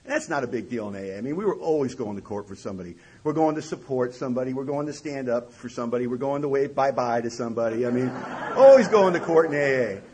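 A middle-aged man with a husky, slightly rough voice tells a long personal story to an audience. His delivery is wry and self-mocking. His pitch swings widely from line to line. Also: expressive, quick pace, a little mellow, poor audio. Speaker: recovery speaker.

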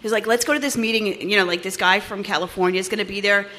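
A woman from New Jersey giving personal testimony at a recovery meeting, animated and acting out the voices in her story. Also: medium pitch, fast talker. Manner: animated storytelling, acts out dialogue, laughs often.

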